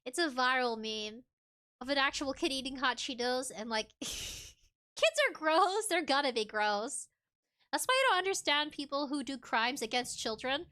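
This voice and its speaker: A woman streamer chatting casually on a livestream while reacting to a video. Her voice is high-pitched and bright, and she is giggly and animated, laughing often. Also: moderate pace. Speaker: VTuber streamer.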